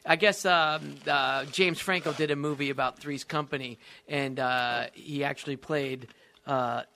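A man on a comedy podcast telling an animated, excitable anecdote and laughing through it. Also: fairly high pitch, a little slow, gravelly. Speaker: podcast co-host. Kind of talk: anecdote storytelling.

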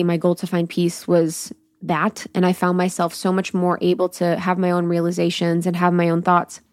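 A woman hosts her own podcast alone and tells a personal story in a frank, unfiltered way, swearing freely. She voices her own inner dialogue as she talks. Her voice sits fairly low, and the recording is close and dry, with almost no room sound. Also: a little mellow, no room sound. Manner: candid, profane storytelling. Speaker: podcast host. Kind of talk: solo podcast recap.

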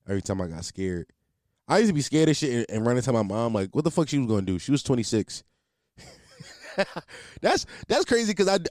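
A young man rambles through a solo podcast, slangy, profane and quick to laugh at himself. His voice sits at an everyday middle pitch. The sound is dry and close, with no room around it. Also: a little mellow, dry recording. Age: 20s. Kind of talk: casual solo podcast monologue.

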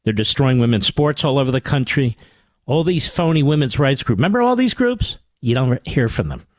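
A man's voice: sing-song, moderate pace, no echo. An older man hosting a political radio talk show, combative and mocking, sarcastic in tone. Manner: swings from low growls to high exclamations. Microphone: studio microphone.

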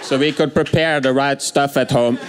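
A man doing a stand-up set with a dry, halting delivery. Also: medium pitch, fairly even intonation, heavy background noise. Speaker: stand-up comedian. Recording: club set with music and crowd.

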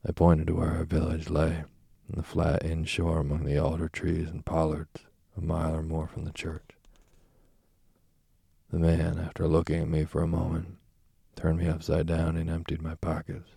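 A man narrates a classic novel slowly and deliberately, like a studio audiobook. His voice is extremely deep and gravelly with a husky, dark color. The recording is dry and close, with no room sound. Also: completely flat delivery, dry recording. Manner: slow, deliberate storytelling.

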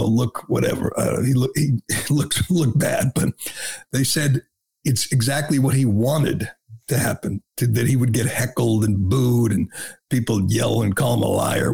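Gravelly, husky male talk radio host. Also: mid-range voice, darkish tone. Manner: indignant, rambling with frequent restarts. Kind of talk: opinionated talk radio monologue.

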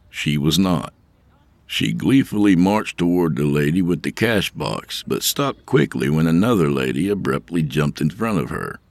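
Very deep-voiced male storyteller. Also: creaky, no echo. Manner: wry, conversational storytelling. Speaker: narrator. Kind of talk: scripted story narration.

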